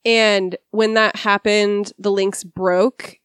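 A woman's voice: mid-range voice, level tone, slow pace, fairly bright tone, clean tone, no echo, clean studio sound. A woman in her thirties hosting a podcast, wry and often laughing, reading the show outro with some apology. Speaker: podcast host. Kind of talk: casual chat and show outro.

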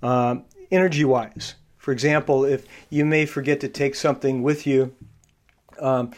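A man's voice: mid-range voice, fairly even intonation. A male podcast host who explains personality traits in a coaching tone, with frequent fillers and restarts. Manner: halting, many fillers and restarts. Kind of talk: casual interview.

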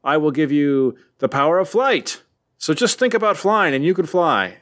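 A man's voice: on the high side, sing-song, normal speed, fairly bright tone, voice pushed up. A man voicing a tired old king of the gods in a casual comic recap. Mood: offhand.

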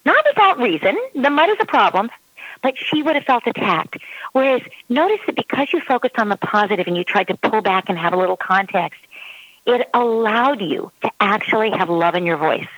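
A woman speaks as a parenting expert at a middle pitch, talking in a relaxed advice style. Her recording is close and dry, with no room around it. When she quotes her child, she acts out the child's voice. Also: brisk, no echo, poor audio. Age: adult parent. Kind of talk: casual advice talk.

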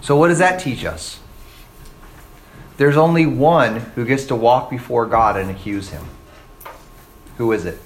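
A faint hiss or hum sits under this recording of a man preaching at a measured pace with long pauses. The pastor has a medium-pitched voice, talks to his listeners conversationally with frequent "right?" and "okay?" check-ins, and voices the people he quotes.

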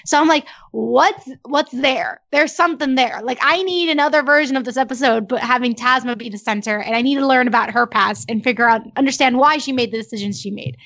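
A woman's voice: fairly high pitch, fast talker, hardly any pauses, fairly bright tone. A woman co-hosting a casual podcast chat, eager and talkative, full of "like". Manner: enthusiastic, chatty, full of "like". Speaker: podcast co-host. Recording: dull lo-fi audio.

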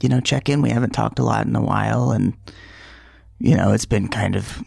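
A man's voice: fairly low pitch, fairly quick, gravelly, darkish tone, breathy edge, dry recording, clean studio sound. A man playing his character in a tabletop game, chummy and playful. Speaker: player.

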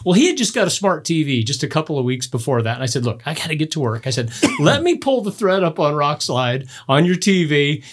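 Middle-aged man, podcast guest, fairly high voice, lively storytelling. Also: a little fast, hardly any pauses. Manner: animated storyteller, voice jumps high when excited. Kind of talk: casual hunting podcast chat.

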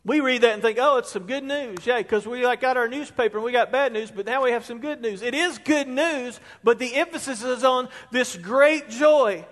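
A man's voice: very high-pitched, normal speed, hardly any pauses, a bit bright. A man preaching a sermon as pastor, reading scripture aloud and pressing hard on key words. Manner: emphatic, rising to stress key words. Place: church sanctuary. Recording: long reverb of a church hall.

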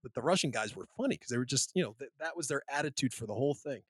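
A man on a podcast telling a long anecdote in casual chat, rambling and animated, full of restarts and "you know". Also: medium pitch, racing, slightly rough, no echo. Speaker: podcast host.

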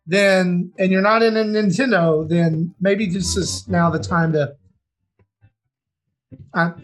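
A man's voice: high voice, fairly even intonation, takes it slowly, soft background music. A man from the Southern United States hosting a podcast, loose and rambling in casual banter. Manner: loose, rambling, friendly with fillers. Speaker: podcast host.

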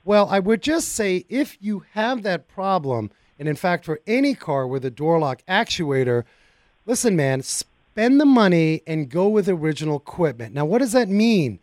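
Speaking straight to his audience from a studio mic, this car talk radio host chats in a folksy, excitable manner. He has a high voice and a moderate pace, and the recording is dry.

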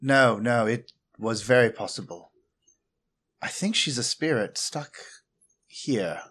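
Brief: shaken male seer, halting and searching for words, played by a man in his own voice. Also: mid-range voice, lively intonation, fairly bright tone, slightly rough, heavily acted. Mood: uneasy.

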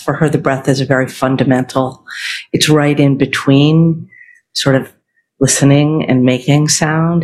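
A Zen teacher delivers a meditative dharma talk at an extremely unhurried pace. The voice sits at a middle pitch and stays calm and contemplative, leaving long silences between phrases.

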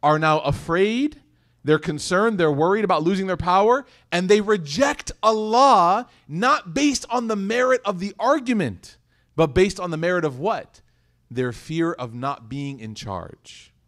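A man giving a religious lecture in a casual, lively way, often asking the audience rhetorical questions and adding humorous asides. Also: high-pitched, measured pace. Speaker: Islamic lecturer.

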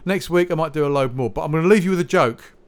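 A man's voice: on the high side, fast talker. A man hosting a music podcast, chatting between tracks in a rambling, jokey way. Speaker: podcast host.

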